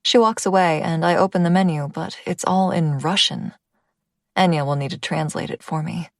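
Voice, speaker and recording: A woman with a low, creaky voice narrates a first-person audiobook in clean studio sound with no echo. Her tone is intimate, and she drops to a whisper at tense moments.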